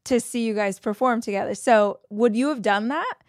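A woman's voice: fairly high pitch, normal speed, no room sound, clean studio sound. A woman in her forties hosting a podcast, asking questions and sharing her own reflections in an encouraging way. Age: 40s. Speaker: podcast host. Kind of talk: conversational interview.

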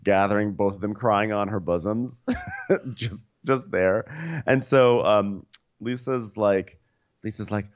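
A man's voice: fairly low pitch, a little slow, dull audio. A man co-hosting a podcast, recapping a reality show with jokey, mock-dramatic impressions. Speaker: podcast co-host. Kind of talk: comedic recap chat.

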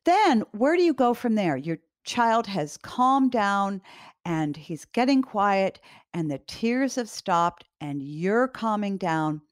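A woman giving calm, direct advice to parents in an instructional talk, often repeating her key points. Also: medium pitch, takes it slowly, no echo, clean studio sound. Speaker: parenting educator.

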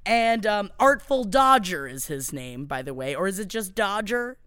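A woman's voice: mid-range voice, sing-song, normal speed, a bit bright, clear, resonant tone, no echo, studio quality. A woman co-hosting a casual TV recap podcast, blunt and swearing, often breaking into laughter. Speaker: podcast co-host.

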